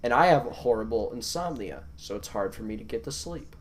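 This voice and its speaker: A young man hosting a podcast, telling stories in a casual, profane and animated way that swings from mumbling to yelling. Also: mid-range voice, a little fast. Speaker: podcast host.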